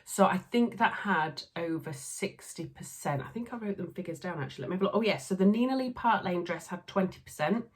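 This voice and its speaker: A woman's voice: fairly low pitch, a little fast, hardly any pauses. A woman with a Yorkshire accent, chatting casually to camera as a sewing vlogger, with frequent laughs and filler ums. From Yorkshire, England.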